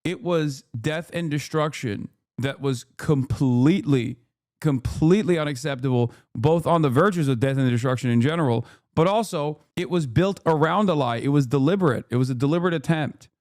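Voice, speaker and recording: A man's voice: a little high, normal speed, a little mellow, dry recording, clean studio sound. A man streaming, giving blunt, heated political commentary in a casual way with plenty of swearing.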